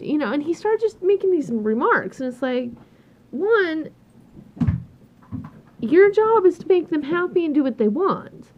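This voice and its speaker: A woman's voice: high-pitched, very animated, unhurried, darkish tone, slight background noise. A woman telling a work story in a casual, exasperated rant, swearing freely and acting out what people said. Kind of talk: casual ranting monologue. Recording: dull lo-fi sound.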